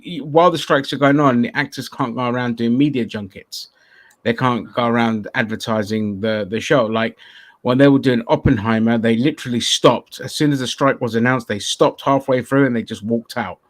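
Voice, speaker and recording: A man from Greece co-hosting a casual chat show, blunt and sweary, often laughing. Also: mid-range voice. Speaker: co-host.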